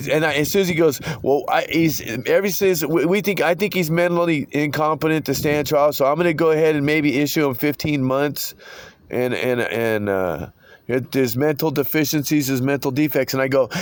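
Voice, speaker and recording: In a casual, phone-style conversation, a man with a fairly high voice speaks fairly quickly as he tells a long, rambling story about court. He curses freely and retells what others said in his own voice.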